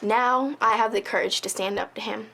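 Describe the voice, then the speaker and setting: A woman's voice: mid-range voice, steady tone, moderate pace, vocal fry, sharp tone. A woman telling her personal story in an interview, earnest and emotional, acting out past conversations. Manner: earnest, emotional, tells stories with quoted dialogue. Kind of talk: personal testimony.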